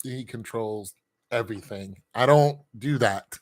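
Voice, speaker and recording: A man's voice: medium pitch, a little slow. A man speaking in a casual monologue, rambling and candid, joking about himself and laughing often.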